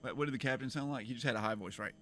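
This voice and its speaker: A man's voice: medium pitch, very fast, fairly bright tone, a little hiss or hum. A man giving rambling, joking commentary while streaming a game. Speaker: gaming streamer. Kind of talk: casual playthrough commentary. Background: game music.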